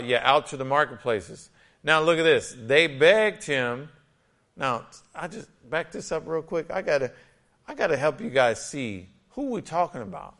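Bright-voiced, animated male preacher. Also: fairly high pitch. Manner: lively and conversational, acting out quotes. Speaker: pastor. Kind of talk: sermon.

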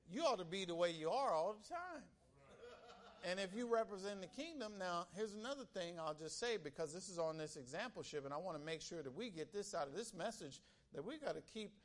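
A male pastor preaching a sermon, telling stories with animation and calling out to the congregation. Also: sits high. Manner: animated storytelling, calls out to the congregation.

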